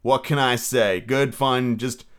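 A male podcast host chats about films in a loose, relaxed way and swears casually. He also reads a classic story aloud at an easy pace. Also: mid-range voice, slow pace, clean tone. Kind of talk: casual review chat and storybook reading.

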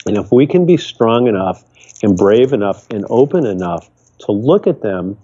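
A man's voice: mid-range voice, dark tone, husky. An older man from Michigan, a podcast guest, telling a personal story in an earnest, rambling way with frequent restarts. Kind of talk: reflective storytelling. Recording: dull lo-fi remote audio.

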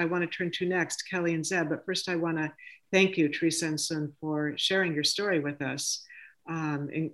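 A host leading a live interview in a measured way, often restarting phrases. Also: medium pitch, a bit bright.

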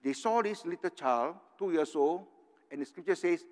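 Older preacher in a reverberant hall. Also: male voice, fairly high pitch, animated, moderate pace, a little mellow. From Singapore. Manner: earnest, tags points with "right?". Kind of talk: sermon.

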